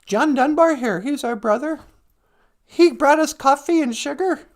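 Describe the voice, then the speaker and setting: Man as commanding old chief, solemn, raised voice, gravelly. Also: very high-pitched, a little slow. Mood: stern. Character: proud older male chief giving a stern speech.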